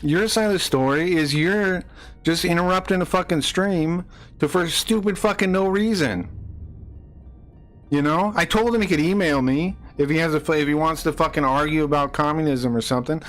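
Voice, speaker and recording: An irate man on a live stream lays into his chat, cursing and hammering the same questions over and over. His voice sits a little high for a man and keeps climbing as he gets worked up. Quiet music plays underneath. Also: moderate pace. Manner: angry, profane, repeats himself, rising to shouts.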